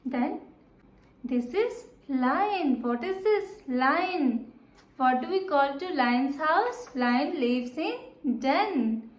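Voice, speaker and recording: A woman teaching young children a simple lesson, asking questions and repeating each answer slowly. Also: high voice, expressive, echoey room. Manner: slow, repetitive, asks and answers questions.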